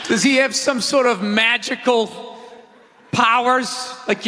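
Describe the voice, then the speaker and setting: A man doing a stand-up rant on a big theater stage, loud, exasperated and profane. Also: very high-pitched, fairly even intonation, takes it slowly. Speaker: stand-up comedian. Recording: theater reverb with faint crowd.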